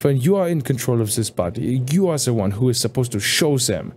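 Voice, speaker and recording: A sinister male spirit that has seized another's body, as a man puts him on for a tabletop game, speaking in a silky, coaxing hiss that turns to threats. The voice sits higher than his plain talk and he stretches words out to make them land. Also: very animated, fairly quick, darkish tone, lightly acted. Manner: silky, scheming, menacing.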